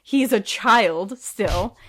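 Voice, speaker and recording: A woman's voice: mid-range voice, lively intonation, very slow, husky. A woman co-hosting a podcast in casual chat, rambling off on tangents with sarcastic asides. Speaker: podcast co-host.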